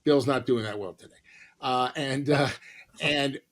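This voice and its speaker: A man's voice: mid-range voice, unhurried. A man who is a comedian and actor, a podcast guest telling a long, rambling, profane anecdote full of quoted dialogue.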